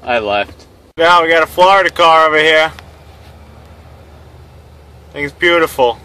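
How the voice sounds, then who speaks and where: A man's voice: fairly high pitch, measured pace, pushed and bright, poor audio. A tow truck driver talking casually as he drives, with a griping, sarcastic running commentary. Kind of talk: casual vlog chat while driving.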